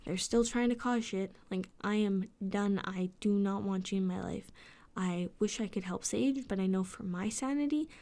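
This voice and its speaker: A woman's voice: mid-range voice, normal speed, dark tone. A sleepless woman venting in a vlog, ranting with frustration and sarcasm, swearing often and sometimes dropping into a whisper. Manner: drops into whispers at times. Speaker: vlogger. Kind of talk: late-night venting vlog.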